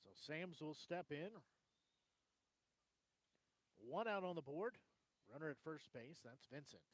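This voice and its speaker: Slightly high-pitched male softball announcer. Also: lively intonation, breathy edge, no room sound, low-quality recording. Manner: brisk conversational calling. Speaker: play-by-play announcer. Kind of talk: softball play-by-play commentary.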